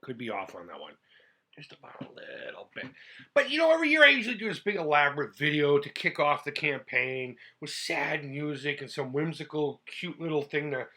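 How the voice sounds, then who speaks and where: A middle-aged man from the United States hosts his retro gaming channel in a casual vlog. His voice sits a little high for a man. He talks in a chatty, heartfelt way, rambling and restarting his sentences. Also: lively intonation, fairly quick, hardly any pauses, sharp tone.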